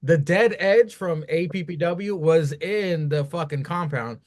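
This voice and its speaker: A man co-hosting a casual wrestling review podcast, talking in a profane, animated, rambling way. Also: a little high, measured pace. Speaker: podcast co-host.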